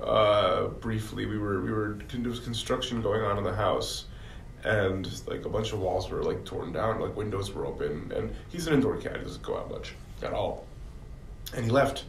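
A man chatting casually, telling relaxed anecdotes. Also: on the low side, moderate pace, creaky, recorded from a distance. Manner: relaxed, storytelling, animated. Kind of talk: casual chat. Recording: roomy audio from off-mic with faint background hum.

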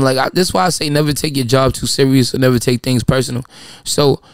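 A man's voice: mid-range voice, smooth, no room sound. Blunt, profane New man, dry sound. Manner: blunt, profane, storytelling with quoted voices. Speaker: podcast host. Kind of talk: casual advice chat.

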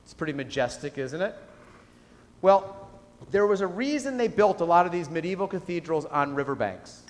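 A keynote speaker with a high-sitting, animated voice addresses a live audience in a lecture hall at normal speed. The business talk has him telling a story and posing questions to the room, and the sound is reverberant.

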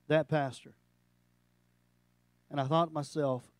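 A middle-aged male pastor giving a sermon, animated and storytelling, breaking into jokes. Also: a little high, moderate pace, no echo.

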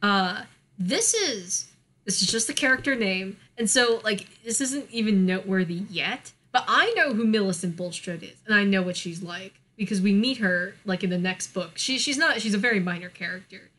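Here a US woman with a medium-pitched, sharp voice speaks at normal speed with lively intonation. Co-hosting a podcast, she talks casually with many fillers and frequent laughter.

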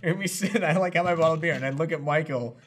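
A man's voice: fairly high pitch, fast, a bit bright. A man co-hosting a podcast, rambling through stories and giggling often. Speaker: podcast co-host. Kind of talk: casual chat.

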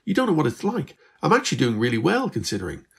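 A man's voice: a little high, wildly swooping pitch, quick pace, creaky, slightly rough, voice pushed up, full character voice. A man voicing Beth, an Irish teenage girl who is weary but hopeful, in a slightly raised, chatty, earnest voice. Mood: defensive.

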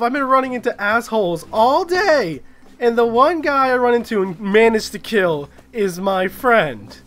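A young man giving casual, excitable gameplay commentary, swearing and chatting with other players. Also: extremely high pitch, a little slow. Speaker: gaming YouTuber.

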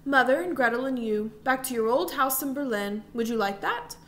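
A woman reading the part of a stern but weary father in a storybook, measured and slightly sad. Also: sits high, a bit bright, slight background noise. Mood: grave.

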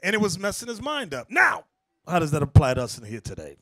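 A man preaching a lively sermon to a class, calling out for scriptures and acting out people's reactions. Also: fairly high pitch, quick pace, dry recording, clean studio sound. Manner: animated, calls out for scripture, acts out people's reactions.

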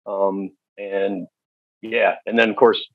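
A man's voice: on the low side, level tone, dry recording. Candid man telling stories, dull lo-fi sound. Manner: candid, halting storytelling with many fillers. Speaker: guest. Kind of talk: storytelling interview. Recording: dull, dry lo-fi recording.

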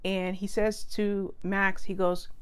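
A woman's voice: medium pitch, little pitch movement, slow, clean tone. A woman giving a casual spoken book review, chatty and prone to correcting herself and wandering into asides.

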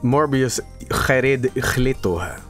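A man's voice: mid-range voice, expressive, very slow, soft background music. A man streaming live, joking casually with lots of swearing and laughter. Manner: profane, joking, often laughing.

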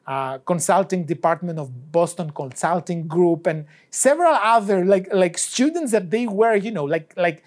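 A male university professor lecturing in English, which is not his first language, telling a story in a conversational way. He switches between voices to play out the exchanges, in an unhurried and informal lecture-hall style. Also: high-pitched, expressive, darkish tone. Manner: anecdotal storytelling that acts out both sides of dialogues. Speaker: economics professor.

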